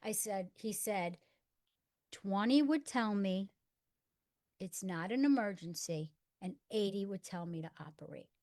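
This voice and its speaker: A middle-aged woman telling a personal story in conversation, acting out the dialogue and dropping to a hush for quoted lines. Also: medium pitch, animated, measured pace. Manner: earnest storyteller acting out dialogue in hushed tones. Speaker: guest.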